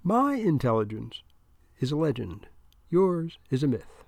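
A man voicing a quick-witted teenage girl who is a star debater and speaks fast and crisply. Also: fairly high pitch, sing-song, a little mellow, no room sound, heavily acted. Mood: teasing. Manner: fast crisp recitation, sassy comebacks.

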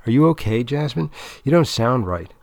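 A man's voice: medium pitch, lively intonation, moderate pace, creaky, a little mellow, dry recording. A man voicing a nervous young man who talks in an earnest, hesitant, blurting way.

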